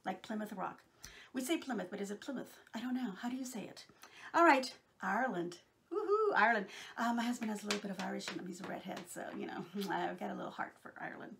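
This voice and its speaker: A middle-aged Texan woman chatting casually to her viewers, rambling warmly with many fillers. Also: mid-range voice, quick pace, creaky, a little hiss or hum. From Texas, USA. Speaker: crafting vlogger.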